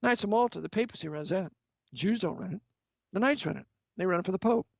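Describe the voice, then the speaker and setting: A man's voice: sits high, expressive, fast, gravelly, dry recording. A man delivering an impassioned sermon-style lecture, angry and emphatic, firing rhetorical questions at the listener. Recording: dull, lo-fi, dry sound.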